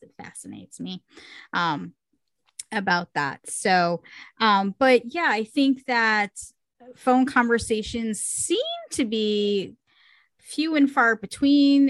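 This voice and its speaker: A woman co-hosting a podcast, telling stories in lively casual chat with plenty of fillers. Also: medium pitch, dry recording. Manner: animated storyteller, many fillers. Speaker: podcast co-host.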